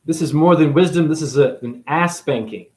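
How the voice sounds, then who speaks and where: A man from New England delivers a rambling, profane monologue to camera. His voice sits a little high for a man. He is sarcastic throughout, jumping from loud outbursts to near-whispered asides. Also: moderate pace. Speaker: spiritual video host.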